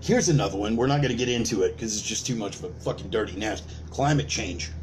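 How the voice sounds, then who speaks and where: A man's voice: lowish voice, animated, fast talker, darkish tone, slight background noise. A man delivering a ranting sermon, profane and emphatic, building points with repetition and rhetorical questions. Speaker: preacher of an online sermon.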